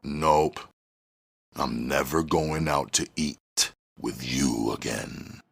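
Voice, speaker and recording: A man drops his voice very low for a cocky young cadet in a storybook, a show-off who talks in a smug drawl. The voice sinks deep at the ends of his lines. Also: drawn-out words, gravelly, no echo, studio quality, heavily acted.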